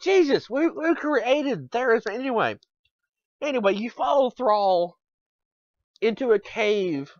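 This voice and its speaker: Podcast co-host, male, sweary and exasperated, lively pitch, dry close mic. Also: unhurried, no echo. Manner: exasperated, swearing, repeats words. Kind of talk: casual podcast rant. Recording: dull lo-fi podcast audio.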